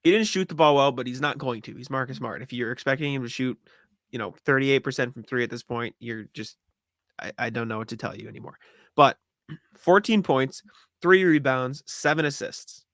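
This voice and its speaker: A man's voice: mid-range voice, fairly quick, fairly bright tone, no room sound, clean studio sound. A man co-hosting a casual sports podcast, talking loosely with fillers and frequent agreement. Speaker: podcast co-host.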